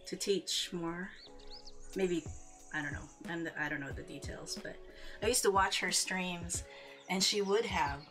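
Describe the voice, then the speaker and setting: A woman's voice: lowish voice, fairly bright tone. A woman streamer chatting casually with viewers while she paints, often giggling between remarks. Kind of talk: casual livestream chat.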